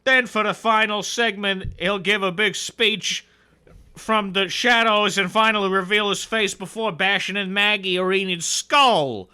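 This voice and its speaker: A man's voice: sits high, a little slow, bright, forceful tone, smooth. A man co-hosting a casual podcast, reading viewer comments aloud and joking in a dry, sarcastic way. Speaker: podcast co-host. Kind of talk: casual chat.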